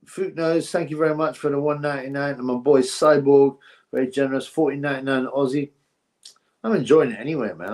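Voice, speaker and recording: A man's voice: mid-range voice, a little mellow. A man hosting a casual boxing livestream, rambling and thinking aloud, thanking viewers for donations.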